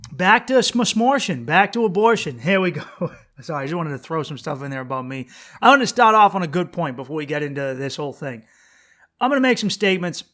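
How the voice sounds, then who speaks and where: A man with a slightly high, somewhat bright voice hosts his own podcast solo. He rambles bluntly and with plenty of profanity, keeps restarting his sentences, and fires rhetorical questions at whoever's listening.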